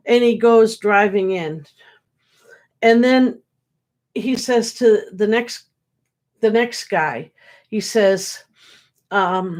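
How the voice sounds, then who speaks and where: A woman's voice: mid-range voice, steady tone, takes it slowly, pauses often. A woman psychic medium chatting casually on a livestream, rambling as she relays messages and jokes from spirits, sounding worn out. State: tired. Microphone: webcam or computer mic.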